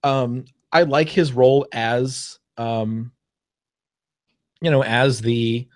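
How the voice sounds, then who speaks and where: A man's voice: mid-range voice, fairly even intonation, slow. A man co-hosting a casual podcast, talking through comics and films in a thoughtful, hesitant way with many fillers, over a remote call. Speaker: podcast co-host. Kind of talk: casual chat about comics and film.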